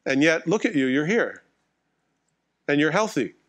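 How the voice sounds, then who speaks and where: A man's voice: on the high side, big pitch swings, unhurried, a bit bright. A middle-aged male pastor delivering a sermon in a conversational, wry, self-mocking way, acting out little dialogues.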